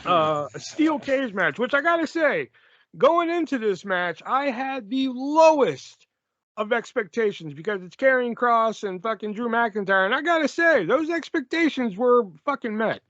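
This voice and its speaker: Podcast co-host, man, high bright voice, sarcastic and crude, dry dull lo-fi sound. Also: expressive, normal speed, dry recording. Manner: profane, sarcastic, laughs often. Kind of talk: casual chat.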